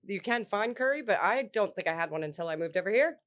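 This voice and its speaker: A woman with a Philadelphia accent chats casually as a podcast co-host. She teases dryly and laughs often, at a middling pitch. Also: animated, fast. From Philadelphia, USA. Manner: laughs often, dry teasing. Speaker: podcast co-host, bar worker. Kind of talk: casual chat over food.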